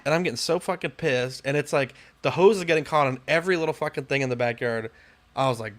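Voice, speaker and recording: A man's voice: mid-range voice, fast. Young man, podcast co-host, casual storytelling, frustrated and profane. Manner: exasperated, swears a lot, rants with rising outbursts.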